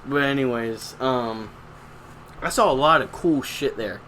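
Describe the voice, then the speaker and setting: Crude joking young man, bright voice. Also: mid-range voice, a little slow, slight background noise. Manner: crude, joking, swears a lot. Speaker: podcast co-host. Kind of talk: casual podcast chat.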